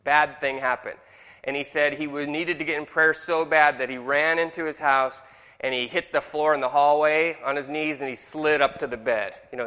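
A man's voice: mid-range voice, sharp tone. A middle-aged man teaching a Bible class in a jokey way and asking the room questions. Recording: long hall reverb.

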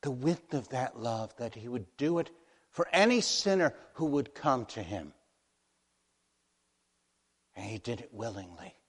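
A man preaching a sermon, moving between hushed, slow passages and loud, impassioned warnings. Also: medium pitch, very animated, breathy edge. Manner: dramatic, swings from hushed to impassioned. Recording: long hall reverb.

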